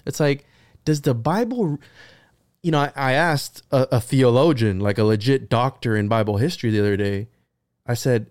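A man chatting on a podcast, telling stories in a rambling, profane, animated way. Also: medium pitch, normal speed, dry recording, studio quality. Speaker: podcast guest. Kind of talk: casual podcast chat.

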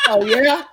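A man's voice: extremely high pitch, sharp tone, slight background noise. A middle-aged man, a comedian hosting a podcast, chatting casually and rambling through stories while laughing at his own jokes. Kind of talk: casual chat.

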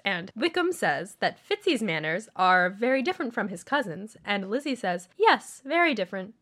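A woman's voice: mid-range voice, a bit bright. A woman co-hosting a casual book discussion, chatty, laughing and swearing casually as she recaps. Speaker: podcast co-host.

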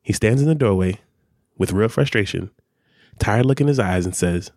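A man co-hosting a casual chat, telling stories with a lively, joking manner and casual swearing. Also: on the low side, normal speed, no room sound, studio quality. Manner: animated, laughs often, swears casually. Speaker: podcast co-host. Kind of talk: casual chat and story reading.

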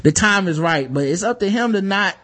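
A man's voice: sits high, expressive, fairly quick, sharp tone. A man hosting a podcast, reading news stories aloud in casual chat, joking and profane, laughing as he reads. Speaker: podcast host.

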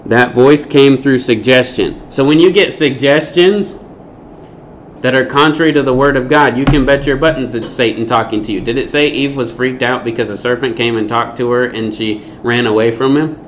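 A man's voice: medium pitch, fairly even intonation, normal speed, a little hiss or hum. A man teaching a Bible lesson, speaking emphatically and often asking rhetorical questions.

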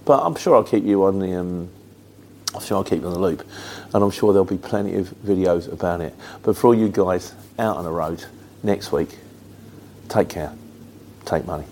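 A middle-aged English man with a Luton accent and a Mockney market-trader twang talks casually to his viewers. His voice sits fairly low, and he rambles in a plain-spoken way with many fillers. A faint hum of background noise runs under the recording. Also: normal speed, long pauses, a little mellow. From England. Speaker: truck driver vlogger. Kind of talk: casual chat answering viewer questions.

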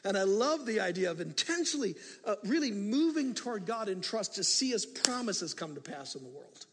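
Animated older pastor, husky voice. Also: male voice, high voice, fairly quick. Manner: animated, swings from hushed asides to loud emphatic passages. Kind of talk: sermon. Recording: reverberant hall.

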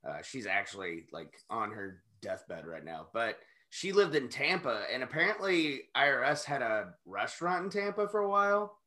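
A man with a bright, forward voice and a lot of swing in his pitch talks over an old wrestling match. He riffs loosely and profanely, laughing with his co-host in easygoing podcast banter. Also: moderate pace, few pauses. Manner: animated, profane, jokey riffing. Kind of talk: casual wrestling watchalong chat.

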